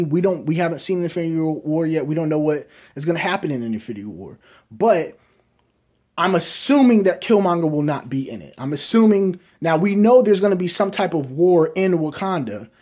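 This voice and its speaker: A man's voice: on the high side, warm tone. A man reviewing movies, rambling through casual fan speculation and often checking in with his listeners. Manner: rambling, keeps asking "right?" and hedging.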